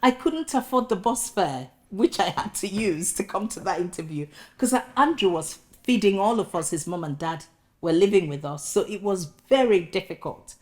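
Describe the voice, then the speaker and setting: A woman from Nigeria with a Nigerian accent, giving a lecture about her personal journey as a professor, telling it with animated storytelling and humorous asides. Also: mid-range voice, normal speed. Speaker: guest speaker, professor.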